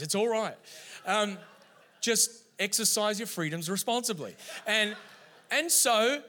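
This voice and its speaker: A middle-aged man delivering a sermon, his voice high and bright. He tells stories with lively, animated energy. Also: measured pace, pauses often. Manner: animated storytelling preacher. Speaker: pastor.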